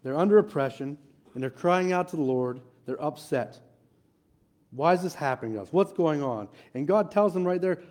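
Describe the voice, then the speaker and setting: A man preaching a sermon in an earnest way, repeating key phrases, swelling louder and then dropping to a near hush, and reading scripture aloud. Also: a little high, expressive, moderate pace. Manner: reads scripture aloud with occasional fillers and restarts.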